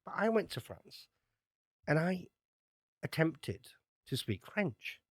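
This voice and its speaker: A man's voice: a little high, sing-song, slow, a bit bright, no echo, clean studio sound. A man hosting a casual podcast chat, opinionated and fond of imitating people. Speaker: podcast host.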